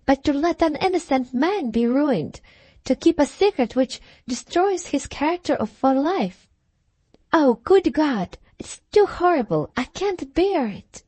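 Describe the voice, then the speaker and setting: A woman's voice: sits high, animated, a little slow, darkish tone, dry recording, voice pushed up. A woman reading an audiobook, voicing a vehement young woman in hysterics who pleads and insists frantically. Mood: frantic.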